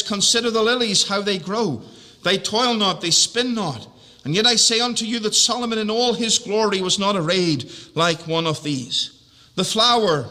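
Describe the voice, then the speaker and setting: A man with a high, bright voice delivers a sermon in slow, measured phrases. He lingers on words and repeats lines for emphasis. A long reverb rings around him as in a church hall. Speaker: preacher.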